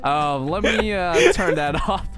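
An easygoing, giggly man chatting as he plays a game with a friend. His pitch swings widely from low mumbles to sudden high notes. Music plays clearly behind him. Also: big pitch swings, slow pace. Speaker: guest gamer. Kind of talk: casual gaming chat.

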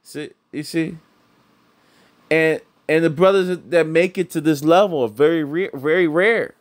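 A man's voice: a little high, a little slow. A middle-aged man giving blunt, heated, profane commentary, often repeating himself. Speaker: commentator reacting to clips.

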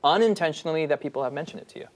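A man hosting a Bible study panel discussion, animated and conversational, asking the panel questions. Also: a little high, racing. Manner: animated, retells scripture in character voices. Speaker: host.

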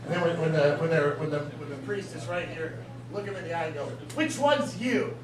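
A man doing stand-up tells his stories haltingly and giggles through them, his voice slightly high. The sound is echoey and distant, with a loud crowd laughing. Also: steady tone. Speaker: stand-up comic.

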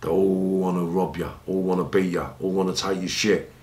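A man's voice: level tone, normal speed, darkish tone, reverberant. A man with a London accent, a former gangster telling his life story bluntly and with lots of swearing in an interview. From England. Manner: blunt, sweary, re-enacts scenes in high pleading voices.

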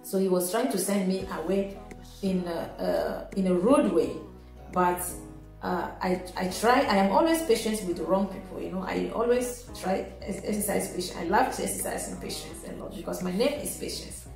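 A woman calmly telling a personal story in a casual, halting way, with frequent restarts. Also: mid-range voice, vocal fry. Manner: calm, halting, many restarts. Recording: echoey room with faint music.

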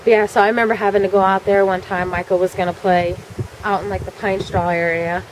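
A woman's voice: mid-range voice, level tone, fast, a little hiss or hum, rough recording. Chatty woman telling a story, full of fillers. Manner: chatty, frequent fillers, swears freely. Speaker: vlogger. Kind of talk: casual storytelling.

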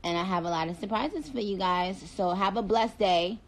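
A woman's voice: mid-range voice, normal speed. A woman hosting a casual phone livestream, reading out viewer comments in a playful, chatty way and dropping in Spanish phrases.

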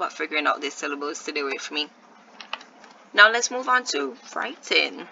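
A woman's voice: low voice, expressive, normal speed, vocal fry, sharp tone, muffled recording, a little hiss or hum. A woman teaching a first-grade video lesson, patiently sounding out words syllable by syllable and encouraging her young viewers.

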